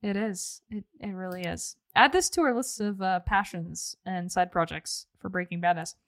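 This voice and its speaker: A woman's voice: on the low side, moderate pace, fairly bright tone, no room sound, clean studio sound. A young woman co-hosting a podcast in a chatty, laughing, self-deprecating way. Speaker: podcast co-host. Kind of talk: casual podcast chat.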